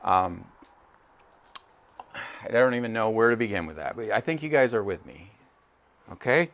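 A man in his forties preaching in an animated, conversational way who keeps checking in with his listeners. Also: lowish voice, normal speed, vocal fry. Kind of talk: sermon.

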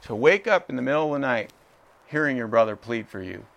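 A man's voice: medium pitch, a little fast, vocal fry. A man preaching a sermon, reading scripture and acting out the voices of its people with feeling. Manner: expressive, acts out voices of the brothers. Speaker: pastor.

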